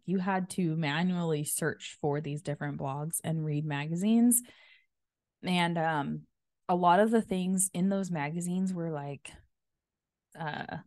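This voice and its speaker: Her voice is deep and darkish, captured in studio quality without echo. She's in her thirties, hosting a laid-back solo podcast, buzzing after a workout and chatting brightly with plenty of fillers.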